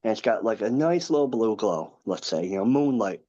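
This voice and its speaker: A man in his thirties, a podcast guest, recounting a personal story in an earnest, halting way with many asides. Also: fairly low pitch, expressive, mellow, muffled recording. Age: 30s.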